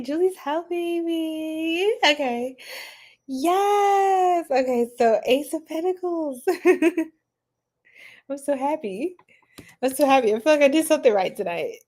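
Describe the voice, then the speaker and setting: A bubbly, giggly woman hosting a tarot livestream, chatting with viewers, laughing often and gasping with excitement. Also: high-pitched, takes it slowly. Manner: gasps and squeals with excitement. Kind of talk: live chat with viewers.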